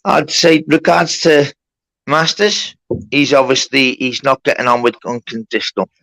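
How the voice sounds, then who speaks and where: A man's voice: mid-range voice, steady tone, moderate pace, sharp tone, no echo, rough recording. A man hosting a mock court on a live stream, laying down rules and swearing at people who interrupt. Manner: bossy, sweary, keeps order. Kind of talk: casual live-stream moderation.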